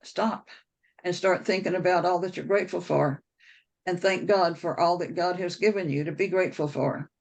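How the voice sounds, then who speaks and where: Brief: storyteller with a creaky, gravelly voice and a middle pitch, rambling and anecdotal, heard over a video call. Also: fairly even intonation, moderate pace, rough recording. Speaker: speaker on a members' call. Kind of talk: personal storytelling talk.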